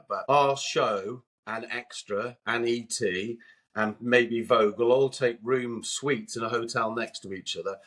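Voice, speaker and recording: Sex: male. Role: podcast guest and co-host. Style: anecdotal storytelling. Pitch: mid-range. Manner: animated, acts out quotes.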